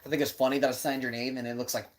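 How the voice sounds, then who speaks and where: A podcast co-host in his twenties tells a rambling story in casual chat, laughing and swearing along the way. His mid-range voice keeps a level tone and races very fast.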